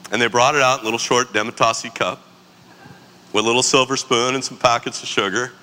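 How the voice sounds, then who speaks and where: A man in his forties telling a story in a casual, animated, slangy way. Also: mid-range voice, fast talker, big-room sound. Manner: animated, slangy, laughs often.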